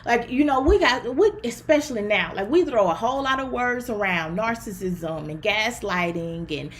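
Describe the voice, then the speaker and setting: With a fairly high, expressive voice at normal speed, a woman with a Southern US country twang chats upbeat to her livestream audience. She's a therapist and relationship coach, and her casual talk is aimed straight at viewers.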